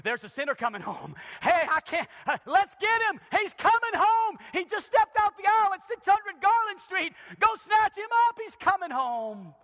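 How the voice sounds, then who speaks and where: A man's voice: very high-pitched, moderate pace, few pauses, voice pushed up, full character voice. Man playing an eager, impatient God. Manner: excited, urgent. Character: eager, impatient God rushing to save a sinner. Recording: long church hall reverb.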